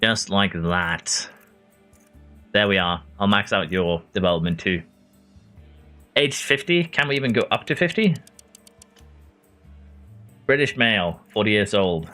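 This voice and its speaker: Here a Norwegian man casually narrates his play of a racing management game while talking with viewers by name, often chuckling in a chatty way. His fairly low voice is bright and forceful, unhurried, with long pauses. Music is faintly audible behind him.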